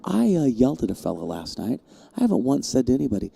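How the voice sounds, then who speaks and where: Deep gravelly guy doing pool commentary, jokey, voice jumps all over. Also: fast. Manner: jokey, self-mocking, jumps to high excited bursts. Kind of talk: live stream commentary.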